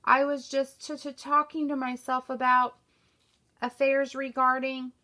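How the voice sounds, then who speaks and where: A woman reading a novel aloud, voicing a distraught gentleman who speaks in a strained, stammering, pleading way. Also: a little high, moderate pace, natural voice. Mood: sheepish. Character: distraught grieving gentleman, master of the house.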